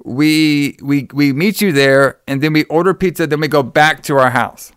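A man's voice: a little high, moderate pace, a bit bright, smooth, dry recording, clean studio sound. A man chatting casually as a podcast co-host, recapping a movie in a rambling, profane way and acting out the characters' lines. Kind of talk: casual chat.

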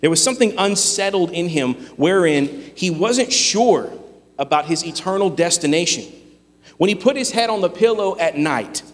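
A man's voice: high-pitched, lively intonation. Preaching man in an echoing hall. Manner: earnest, emphatic preaching with dramatic pauses. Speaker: pastor. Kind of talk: sermon.

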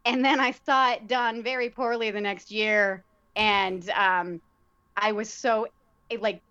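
A woman, a theater director and actor, talking casually and thoughtfully as a guest, pausing often to find her words. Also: medium pitch, steady tone, sharp tone, smooth. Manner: reflective, searching for words with many fillers. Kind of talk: casual conversation. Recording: dull lo-fi sound.

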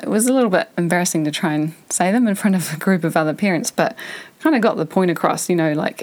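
A woman's voice: lowish voice, a little mellow. A woman in her thirties hosting a podcast, talking frankly and reflectively as she thinks aloud. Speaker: podcast host. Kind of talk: candid personal monologue.

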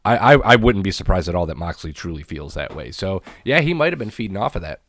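Deep-voiced man, lively speculating. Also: quick pace, few pauses, no echo, clean studio sound. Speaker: podcast co-host. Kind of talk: casual wrestling chat.

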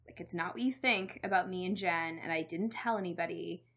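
Young woman, casual chat, animated storyteller, acts out quotes, frequent laughs. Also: lowish voice, fairly quick. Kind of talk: casual chat recapping a movie.

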